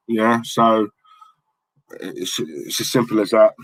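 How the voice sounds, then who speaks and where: A man's voice: mid-range voice, measured pace, fairly bright tone, low-quality recording. A man hosting a live football watchalong, chatting casually and cheekily while reading comments, with lots of fillers and repeated words. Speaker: livestream host.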